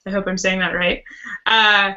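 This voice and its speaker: Female podcast host, bright tone, casual and talkative, lo-fi audio. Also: mid-range voice, steady tone, normal speed. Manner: chatty, rambling, with restarts. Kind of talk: casual live-stream chat. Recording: muffled web call audio.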